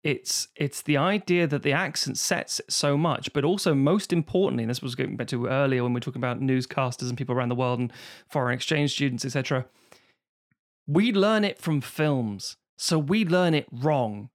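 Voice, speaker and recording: A man hosting a podcast, talking casually and animatedly, swearing and slipping into quick impressions. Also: medium pitch. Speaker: podcast host and web series creator.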